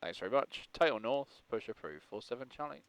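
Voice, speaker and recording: Man, flight sim captain, gravelly voice, polite, upbeat, jokey. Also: medium pitch, lively intonation, brisk. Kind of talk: casual streamed chat with checklist calls.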